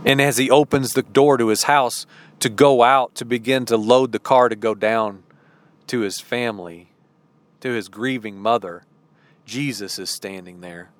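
A man preaching a sermon, telling a story slowly and dramatically and acting out the dialogue. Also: medium pitch, fairly even intonation.

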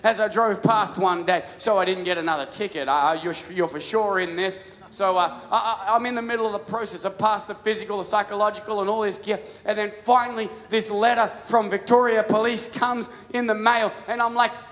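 A man's voice: high voice, a little fast, few pauses, a bit bright. A man preaching a sermon, telling stories casually with many restarts and repeated words. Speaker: pastor. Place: large church hall. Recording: live sermon with long hall reverb.

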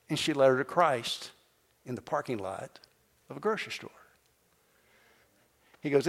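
A man's voice: mid-range voice, normal speed, gravelly, pauses often. A man preaching as pastor, telling a story and acting out the people in it. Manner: animated storyteller acting out quoted voices. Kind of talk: sermon storytelling. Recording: long hall reverb.

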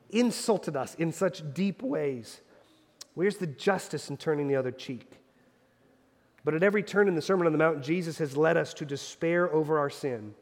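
Earnest preacher in a reverberant church. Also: male voice, high-pitched. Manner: earnest, swinging from soft to emphatic. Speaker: pastor. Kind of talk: sermon. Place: church sanctuary. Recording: long hall reverb.

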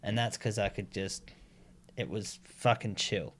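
A man's voice: fairly low pitch, unhurried. A young Australian man, a stand-up comedian, telling crude stories in a loose, laid-back way. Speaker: stand-up comedian, podcast guest. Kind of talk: casual chat.

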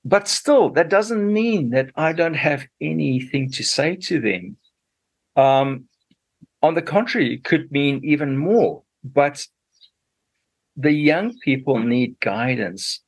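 A man's voice: a little high, big pitch swings, unhurried, vocal fry. A middle-aged man from Zambia with a Zambian accent, a radio interview guest telling his story unhurriedly with many fillers.

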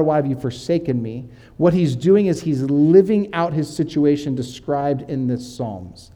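A male pastor preaching a conversational sermon to a church, slowing down to read scripture aloud. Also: on the high side, dark tone.

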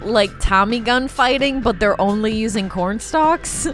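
A woman's voice: fairly high pitch, measured pace, soft background music. A woman co-hosting a podcast in casual comedic chat. She is silly and giggles often. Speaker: podcast co-host.

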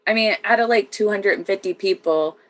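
A woman's voice: medium pitch, a little fast. A woman, an Army veteran, telling stories in casual chat, swearing freely and acting out the dialogue. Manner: profane, animated, acts out quoted dialogue.

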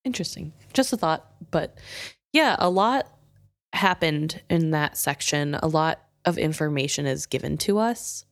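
Woman, book podcast co-host, very low voice, unhurried, thoughtful. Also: expressive. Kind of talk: book discussion.

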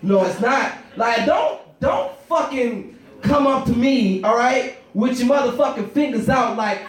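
A man in his thirties working through a profane stand-up set, rambling between bits and shouting the punchlines. His voice sits very high for a man. He is heard from a distance in a strongly echoing room. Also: expressive, normal speed. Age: 30s. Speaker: stand-up comedian.

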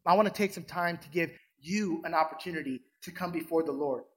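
A man's voice: on the high side, a little fast, breathy edge. A man preaching a sermon as pastor in a church, asking the congregation questions and calling for amens. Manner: preaches with rhetorical questions and call-and-response. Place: church sanctuary.

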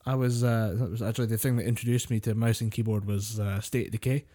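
Laid-back man with a mellow voice. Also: lowish voice, steady tone, fast, no echo. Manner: laid-back listener, short reactions and dry asides. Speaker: podcast co-host. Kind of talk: casual chat.

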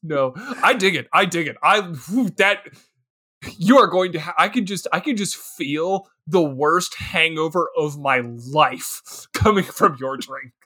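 A young man co-hosts a casual comedy podcast about a movie, his voice on the high side, unhurried and sharp-toned. He laughs often and puts on exaggerated voices when quoting people.

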